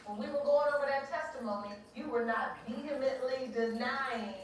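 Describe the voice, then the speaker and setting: A woman's voice: high voice, normal speed. A woman playing a judge on a courtroom show who questions people in a pointed, probing way. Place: courtroom set. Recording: echoey room, distant mic.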